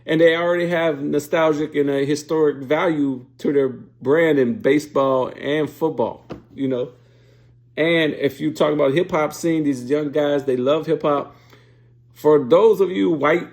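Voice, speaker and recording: A man's voice: fairly high pitch, gravelly, a little mellow. Fired-up profane sports show host, man. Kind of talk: casual opinion commentary.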